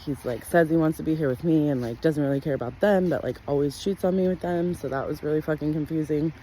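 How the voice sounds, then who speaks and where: A woman's voice: quick pace, a little hiss or hum. A woman telling her own life story to camera in a candid, blunt way, swearing freely and filling her talk with "like.". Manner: blunt and profane, with frequent "like" fillers; animated, jumps in pitch when acting out her own past words. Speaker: wellness practitioner sharing her life story.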